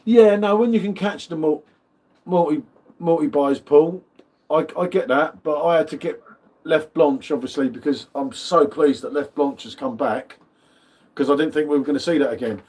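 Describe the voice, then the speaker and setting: A man's voice: a little high, moderate pace, a little mellow. A man hosting a live beer tasting, chatting casually with matey banter and greeting viewers by name. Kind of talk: casual live-stream chat.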